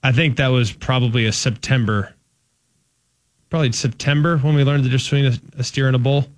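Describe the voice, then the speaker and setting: A man's voice: medium pitch, fairly even intonation, fairly quick, dry recording. Male co-host, emphatic and folksy, dry close sound. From Dallas-Fort Worth, Texas. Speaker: sports radio co-host. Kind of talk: casual sports talk.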